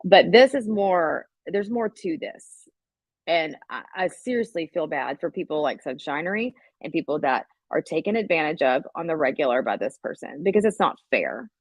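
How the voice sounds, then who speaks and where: A woman's voice: low voice, lively intonation, moderate pace, husky, no room sound. A woman hosting a casual livestream, rambling and swearing as she talks straight to her viewers. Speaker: livestream host. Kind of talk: casual live-stream chat.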